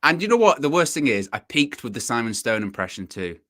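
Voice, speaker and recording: A man's voice: mid-range voice, big pitch swings, a little fast, sharp tone. A man co-hosting a casual football podcast, thoughtful and hedging with many fillers. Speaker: co-host.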